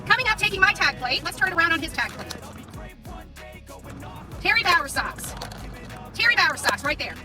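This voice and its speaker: A woman's voice: very high voice, sing-song, a little fast, long pauses, distant mic, over music. A woman live-streaming from her car, heatedly confronting and taunting someone, with a repetitive, combative way of talking. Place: in a car in traffic.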